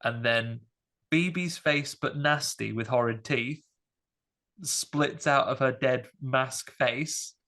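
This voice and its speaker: A man hosting a podcast, chatting casually about a film in a rambling, animated way with many fillers. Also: mid-range voice, slow. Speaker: podcast host. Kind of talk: casual film review chat.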